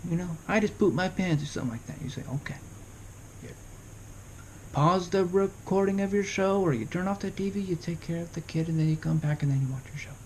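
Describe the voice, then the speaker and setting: A man's voice: a little high, fast talker, a little mellow, a little hiss or hum. A young man in his early twenties talking casually to camera, giving parenting advice and asking rhetorical questions. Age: young adult. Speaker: vlogger.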